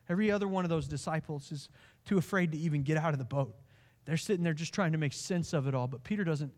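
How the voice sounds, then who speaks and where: A man preaching a sermon as pastor, impassioned, swinging from hushed lines to pleading ones. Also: sits high.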